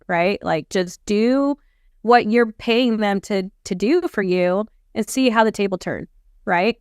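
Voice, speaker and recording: A woman guest in a casual business interview, earnest and emphatic, often checking in with a quick question. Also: medium pitch, clean tone, no room sound, studio quality. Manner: earnest, stresses points and checks in with a "right?". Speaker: guest, gym manager.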